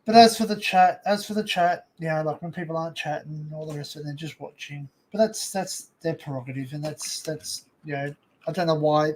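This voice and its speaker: An Australian man chats casually on a home live stream, talking fairly quickly into a desk microphone in a voice a little high for a man. He wanders and loops back to earlier points, leaning on "like" and "you know" in between.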